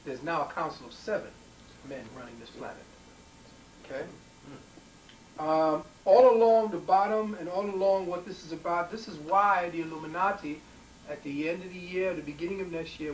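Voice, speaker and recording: A man's voice: on the high side, normal speed. A man giving a rambling conspiracy talk, emphatic, with frequent ums and repeated words. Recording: echoey room, mic far off, faint noise.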